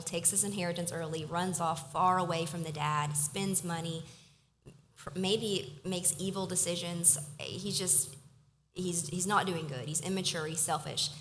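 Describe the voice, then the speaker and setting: Woman, low voice, casual sermon, earnest, conversational, faint room hum behind. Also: fairly bright tone, low-quality recording. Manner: conversational, earnest, self-deprecating. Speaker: speaker at a church service. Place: church hall.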